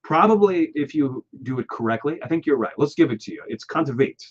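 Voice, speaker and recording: A man's voice: a little high, expressive, quick pace. Upbeat male radio host, casual on-air banter, a little muffled in the studio. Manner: upbeat, spells names letter by letter. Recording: slightly muffled studio audio.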